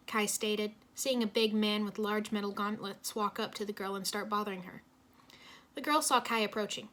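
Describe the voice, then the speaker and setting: A woman reading a fan fiction story aloud in steady narration. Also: medium pitch, normal speed. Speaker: reader.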